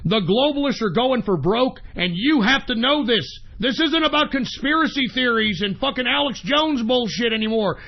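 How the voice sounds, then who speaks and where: A man's voice: extremely high pitch, lively intonation, normal speed, gravelly, few pauses, highs cut off. A man hosting a talk radio show, delivering an angry, profane political rant.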